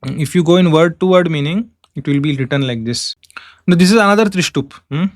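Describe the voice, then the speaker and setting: A man teaching a class, explaining step by step and chanting verses slowly in meter. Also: on the high side, dry recording, clean studio sound. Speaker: Sanskrit teacher. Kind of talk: online class lecture.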